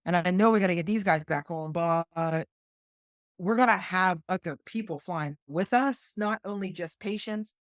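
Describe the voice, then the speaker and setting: Guesting on a podcast, a retired flight nurse from West Virginia, middle-aged, shares an earnest story from her life and performs the conversations as she recalls them. She speaks at a moderate pace in a lowish voice, recorded cleanly in a studio with no room sound.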